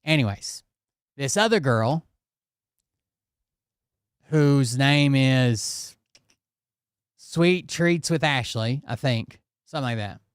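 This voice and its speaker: A man's voice: mid-range voice, expressive, slow pace, long pauses, clear, resonant tone, no echo, clean studio sound. A man ranting through casual commentary, swearing often and tagging his points with "okay?" and "blah, blah, blah.". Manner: profane, repeats "okay?" and "blah, blah, blah". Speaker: commentary channel host.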